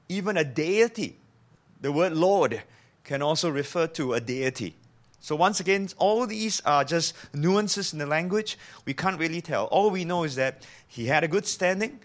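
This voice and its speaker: A man's voice: on the high side, a bit bright. A man preaching a sermon in a conversational way, asking his listeners questions and acting out quoted lines. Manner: acts out quoted speech in shifting voices.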